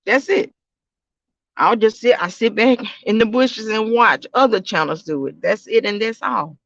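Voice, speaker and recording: High-voiced man, loose casual vlog talk. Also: measured pace, creaky, fairly bright tone, dry recording, dull audio. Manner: rambling, repeats himself, talks straight to viewers. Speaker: YouTube reaction channel host.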